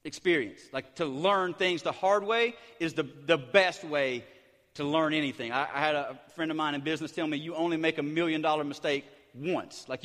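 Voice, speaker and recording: A middle-aged pastor preaching a sermon, hyper and excited, tumbling through restarts and repeated words. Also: male voice, on the high side. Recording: big hall reverb.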